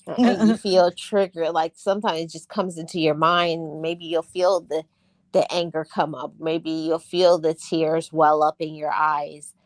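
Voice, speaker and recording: Woman cohost chatting candidly, lowish voice, dry close sound. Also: steady tone, a little slow, dry recording. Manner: earnest, candid, acts out her inner voice. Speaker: podcast co-host. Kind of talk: casual chat.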